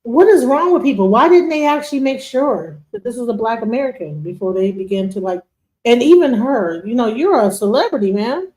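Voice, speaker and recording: A woman's voice: on the high side, animated, moderate pace, a little mellow. A woman co-hosting a casual commentary stream, talking emphatically and repeating words when she gets heated. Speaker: stream co-host. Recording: roomy echo.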